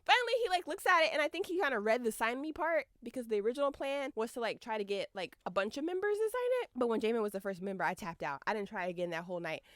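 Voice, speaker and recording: A woman's voice: on the high side, expressive, quick pace, hardly any pauses, a bit bright, a little hiss or hum. A woman co-hosting a podcast, telling a story in casual chat with lots of laughter and acted-out quotes. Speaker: podcast co-host.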